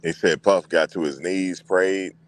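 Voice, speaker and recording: A man hosting a casual livestream, talking back to his chat in an animated way and repeating what others said. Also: low voice, a little slow. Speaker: livestream host.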